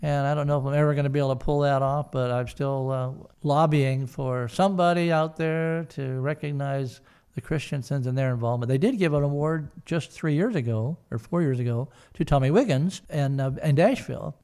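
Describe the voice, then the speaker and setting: A man's voice: a little high, fairly quick, warm tone, smooth. An older man, a podcast guest, telling a long story in a rambling way with lots of hesitations. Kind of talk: casual storytelling.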